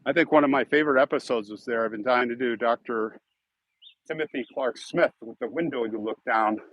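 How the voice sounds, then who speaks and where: A man's voice: mid-range voice, a little fast, dry recording, dull audio. A man with a Chicago accent, chatting casually and rambling with viewers on a live stream. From Chicago, United States. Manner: rambling and chatty, thanks donors. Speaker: YouTube host on a live stream.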